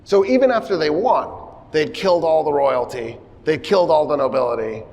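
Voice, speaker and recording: A man with a fairly high voice delivering a funny, animated history lecture, bringing the story to life by acting out what people said. His voice carries the long echo of a lecture hall. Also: fairly quick.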